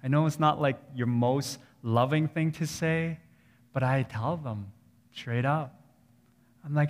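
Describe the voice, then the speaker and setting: Reverend preaching slowly in a reverberant church. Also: male voice, mid-range voice. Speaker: pastor. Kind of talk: sermon. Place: church sanctuary.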